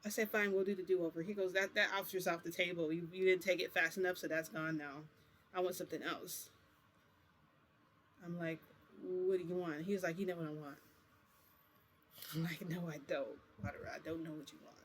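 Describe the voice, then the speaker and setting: Man, high-pitched voice, casual vlog storytelling, rambling, quotes both sides of a conversation. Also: fairly even intonation, fairly quick, pauses often, a bit bright, slight background noise. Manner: rambling, quotes dialogue with "I'm like". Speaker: vlogger.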